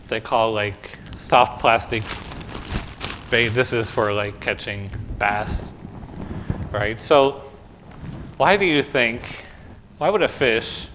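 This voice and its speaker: A man's voice: mid-range voice, bright, forceful tone, slight background noise. A man pastor reading the gospel, then giving a conversational children's sermon full of questions in a church. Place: church sanctuary.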